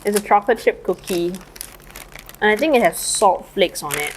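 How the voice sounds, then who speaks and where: A woman's voice: mid-range voice, animated, normal speed, slight background noise, poor audio. A woman co-hosting a podcast in casual chat, rambling with lots of fillers, eating lunch and a little tipsy as she talks. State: eating while talking, slightly tipsy. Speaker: podcast co-host.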